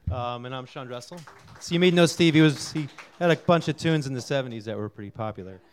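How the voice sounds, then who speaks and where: A middle-aged man from Connecticut introduces a song he wrote, talking softly and haltingly with many fillers. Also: medium pitch. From Connecticut, USA. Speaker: singer-songwriter introducing a song. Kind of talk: casual spoken intro before a live song.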